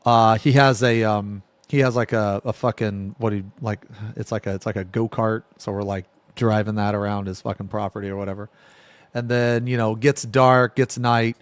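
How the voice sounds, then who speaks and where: A man's voice: on the low side, steady tone, moderate pace, smooth, no echo. A man telling a spooky personal story on a live stream, casual and rambling, full of fillers and swearing. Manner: rambling, profane, filler-heavy.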